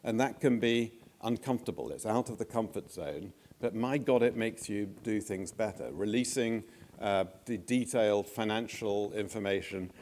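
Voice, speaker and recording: An older man giving a conference speech as a former government minister, measured and anecdotal, with frequent hesitations. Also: fairly low pitch, a little mellow.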